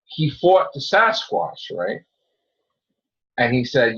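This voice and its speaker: A man hosting a casual podcast, rambling excitedly about comic books and swearing freely as he retells scenes. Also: mid-range voice, takes it slowly, pauses often. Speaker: podcast host. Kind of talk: casual comic book chat. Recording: dull lo-fi recording.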